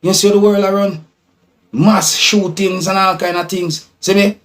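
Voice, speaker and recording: Musing Jamaican man, higher-pitched. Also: fairly even intonation, a little slow, fairly bright tone. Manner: loose, musing, peppered with "you see me" tags. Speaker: vlogger commenting on news clips. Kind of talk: casual commentary.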